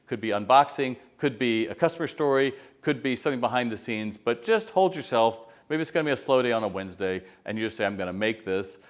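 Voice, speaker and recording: A man's voice: mid-range voice, expressive, fast, hardly any pauses. A middle-aged man giving casual, conversational retail business advice straight to camera and acting out quotes as he tells stories. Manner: conversational storyteller, acts out quotes. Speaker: retail consultant.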